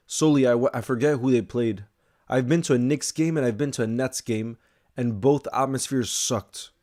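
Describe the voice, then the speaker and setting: A young man chatting casually through a live football watch-along and answering viewer messages, bursting into excited shouts at big moments. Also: medium pitch. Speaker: football streamer reacting live.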